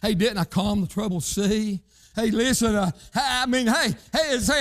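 A man with a drawl delivers a sermon in a high, light voice. He preaches fervently, punctuating lines with repeated interjections. His delivery leaps from shouting to near-murmured phrases. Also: normal speed. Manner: fervent, repeated "hey" interjections, swings between loud shouts and low quiet lines.

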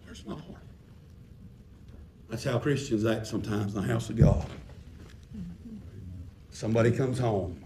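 Male preacher, high voice, colloquial and shouting, heard from afar in a roomy church with faint noise. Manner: swings from quiet reading to shouted preaching; folksy, colloquial phrasing. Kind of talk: sermon. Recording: echoey hall from far off.

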